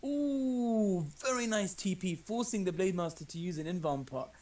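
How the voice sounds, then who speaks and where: British guy co-casting a strategy game, high voice, bit far off the mic, lots of ooh and nice play. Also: expressive, crowd noise. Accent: British English. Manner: enthusiastic, quick exclamations. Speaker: co-caster. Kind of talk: casual game commentary.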